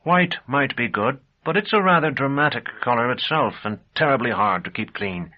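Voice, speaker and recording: A fretful, servile shopkeeper, as a male audiobook narrator puts him on, his voice pushed up high and anxious. He pleads and wheedles over the counter. The sound is slightly dull and lo-fi. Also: animated, moderate pace, close to an everyday voice. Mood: fussy. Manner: pleading and servile, higher and louder than the narration. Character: nervous, fussy middle-aged male shopkeeper.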